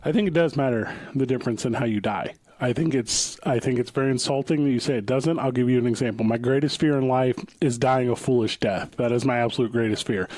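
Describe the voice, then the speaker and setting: A man co-hosting a casual comedy podcast, talking in a deadpan, mock-lecturing way. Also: mid-range voice, no echo. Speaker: podcast co-host.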